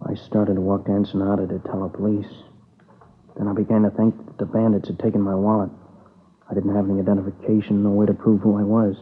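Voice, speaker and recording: A man's voice: fairly low pitch, little pitch movement, husky. An actor playing an exhausted, tearful young man who halts and speaks in a subdued voice as he recounts his friend's murder. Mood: weary. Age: young adult. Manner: halting, subdued, weary. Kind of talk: dramatic dialogue. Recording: tinny lo-fi old broadcast.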